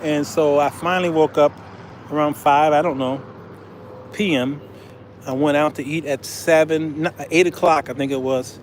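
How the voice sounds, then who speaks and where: A man's voice: on the high side, steady tone, normal speed, slight background noise. An American man hosting a casual travel vlog, telling a story with laughter and calling his viewers "y'all.". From United States. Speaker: vlogger, show host.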